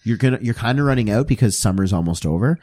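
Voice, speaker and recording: A man's voice: on the low side, quick pace. A young man from Canada hosting a podcast, telling casual stories with lots of swearing and acted-out quotes. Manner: animated, swears a lot, jumps into mock quotes. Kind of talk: casual chat, storytelling.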